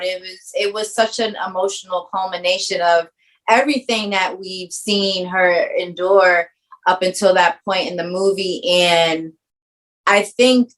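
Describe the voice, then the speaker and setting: A woman's voice: mid-range voice, fairly bright tone, low-quality recording. A woman filmmaker answering interview questions in a thoughtful way, often restarting her phrases as she searches for words. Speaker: film writer-director, guest.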